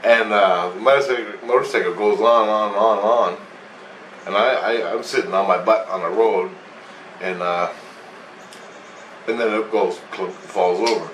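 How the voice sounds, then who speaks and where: A man's voice: on the low side, fairly even intonation, unhurried, pauses often, fairly bright tone. A man casually recounting a dream, meandering and swearing freely as he goes. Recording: echoey room, distant mic, faint hum.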